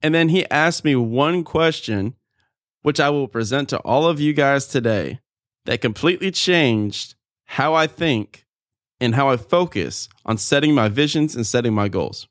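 A man hosting his podcast, telling a story in an energetic, casual monologue and jumping up in pitch when excited. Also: measured pace, no echo, studio quality. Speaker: podcast host.

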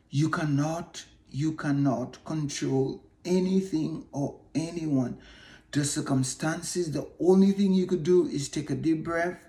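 Male podcast host, 50s, mellow higher voice, earnest motivational monologue, echoey room. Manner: earnest, repetitive, halting restarts.

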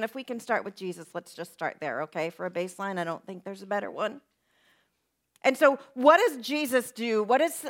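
High-voiced woman preaching conversationally. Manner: conversational preaching, acts out quoted prayers, drops to soft near-whispers. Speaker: pastor. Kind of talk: sermon.

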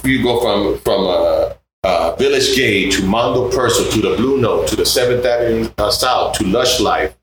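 A man in his sixties from Puerto Rico with a Puerto Rican accent, a guest musician telling animated stories in a casual interview. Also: normal speed, hardly any pauses. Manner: animated, acts out other people's voices in high tones. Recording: roomy with faint background noise.

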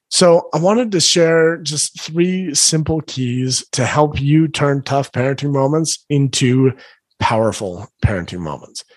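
A man's voice: a little high, a little slow, no room sound, studio quality. A middle-aged man, a former principal, giving an earnest, encouraging talk to parents and acting out his own inner thoughts.

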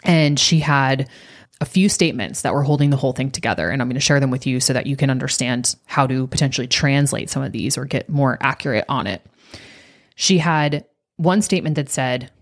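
A woman coach talking on a podcast, guiding listeners through an exercise and telling a story from a workshop in an animated way. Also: a bass voice, normal speed. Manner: animated, acts out quoted voices.

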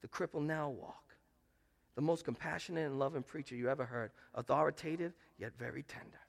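A man preaching from the pulpit, his voice a touch higher than most men's and rough with gravel. He builds to loud, pressing peaks, then drops to hushed, tender passages as he drives his points home. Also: brisk. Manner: preaches with swings between loud emphatic rises and soft hushed quotes. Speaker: pastor. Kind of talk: sermon. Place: church sanctuary.

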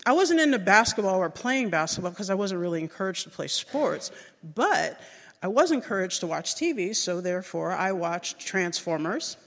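A middle-aged woman telling a personal story to an audience, animated and acting out the voices of people she remembers. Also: moderate pace, long reverb tail. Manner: animated, acts out remembered voices with big jumps in pitch.

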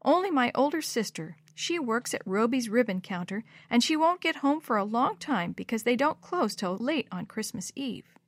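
A woman's voice: fairly high pitch, sing-song, normal speed, hardly any pauses, no echo, voice pushed up. A woman reading a storybook aloud, voicing a timid, earnest little orphan girl in a small, pleading voice. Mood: grateful.

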